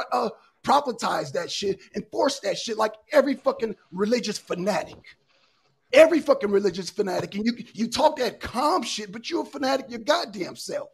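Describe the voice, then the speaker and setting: A man's voice: very high-pitched, vocal fry, breathy edge. A male host arguing heatedly and with heavy profanity on an online panel, repeating his points.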